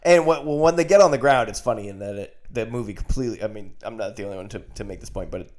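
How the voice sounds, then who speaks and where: A man's voice: fairly low pitch, fast, darkish tone. A man co-hosting a podcast, chatting casually and earnestly about a movie with lots of "like" fillers. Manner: earnest, enthusiastic, many "like" fillers. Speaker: podcast co-host. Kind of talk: casual chat.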